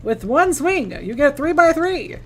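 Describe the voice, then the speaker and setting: Over soft background music, a woman chats casually while live-streaming a game. Her high-pitched, expressive voice moves at an unhurried pace as she rambles, restarts sentences, and acts out quoted lines.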